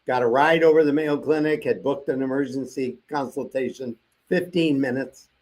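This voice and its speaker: A man's voice: mid-range voice, moderate pace, a little mellow. An older man as an interview guest, telling a long personal story and acting out the voices of the people he quotes.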